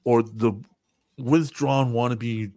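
A man hosting a casual podcast, telling stories in an animated, profane way and acting out quotes. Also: mid-range voice, slow, dry recording. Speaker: podcast host.

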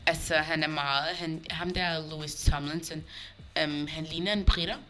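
A young woman, a native Danish speaker, co-hosting a podcast, playful and quick to laugh, switching between Danish and English. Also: sits low, steady tone, over music. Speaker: podcast co-host. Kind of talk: casual bilingual chat.

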